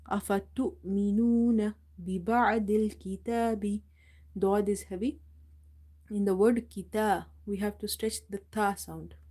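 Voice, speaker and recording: A woman teaching Quran recitation in a live lesson, reciting verses slowly, repeating them and calmly explaining each rule. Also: medium pitch.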